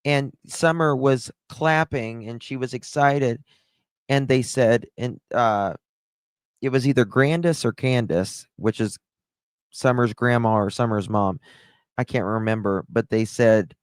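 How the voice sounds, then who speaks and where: A man hosting a true-crime livestream, talking in a halting, distressed way as his voice drops low. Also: smooth, no room sound. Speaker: livestream host.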